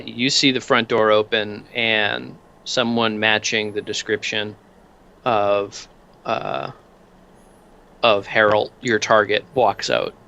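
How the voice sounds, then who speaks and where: A man's voice: fairly low pitch, pushed and bright. A man narrating a tabletop game as game master, describing scenes loosely with many fillers.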